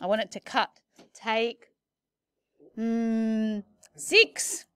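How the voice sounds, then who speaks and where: A woman's voice: fairly high pitch, flat delivery, extremely slow, sharp tone, smooth, dry recording. A woman teaching maths in a recorded lesson, playful and chatty with jokey asides.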